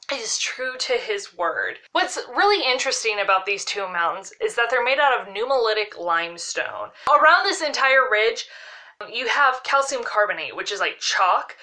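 A woman's voice: medium pitch, lively intonation, normal speed, sharp tone. A woman hosting a casual devotional Bible talk to camera, earnest and heartfelt, with lots of "like" as she goes. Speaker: Bible teacher, show host.

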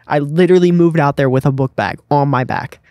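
A young man on a podcast, telling a story in a casual, animated way and acting out what people said. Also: on the high side, fairly quick, dry recording, lo-fi sound. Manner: animated, acts out quotes with frequent "like" and "you know what I mean". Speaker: guest skateboarder.

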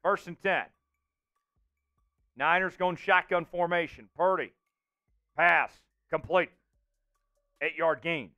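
A man hosting a livestream and calling the plays of a simulated football game, reading names from the chat and getting loud on big plays. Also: on the high side, slow, long pauses, dull audio, faint music behind. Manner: excitable, shouts out chat names and hypes touchdowns. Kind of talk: live play-by-play commentary.

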